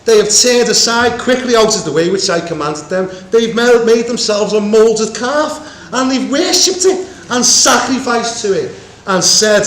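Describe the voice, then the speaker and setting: A man preaching a Bible teaching, animated and acting out the voices in the story. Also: sits high, unhurried, few pauses. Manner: animated, acts out voices of God and Moses. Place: meeting room with congregation. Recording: echoey room with faint ambience.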